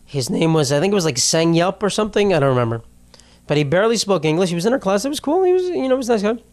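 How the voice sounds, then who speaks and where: A man's voice: high voice, big pitch swings, rapid-fire. A young man hosting a podcast, talking casually in a rambling, self-deprecating way, swearing often and laughing mid-sentence. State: tearful after a loss. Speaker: podcast host. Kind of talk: casual solo podcast monologue.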